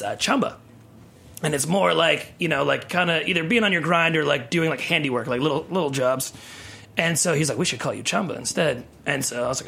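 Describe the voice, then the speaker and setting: A man in his thirties who works as a tequila brand ambassador tells stories in a casual studio podcast chat, briskly acting out what others said and laughing often. His voice is a little high, with vocal fry and a breathy edge.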